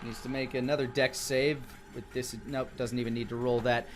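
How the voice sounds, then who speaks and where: A man's voice: mid-range voice, level tone, normal speed, slight background noise. A man narrating as game master of a tabletop game, switching between vivid descriptions and casual rules talk.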